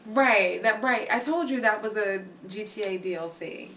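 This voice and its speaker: A woman's voice: medium pitch, normal speed, pushed and bright. A woman live streamer chatting casually with her viewers, laughing and teasing, repeating herself often. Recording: distant mic with clear background noise.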